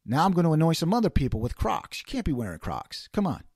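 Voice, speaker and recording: A man's voice: fairly high pitch, sing-song, fast talker, darkish tone, breathy edge, dry recording, studio quality. A man hosting an opinionated solo commentary, ranting and firing off rhetorical questions. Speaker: host.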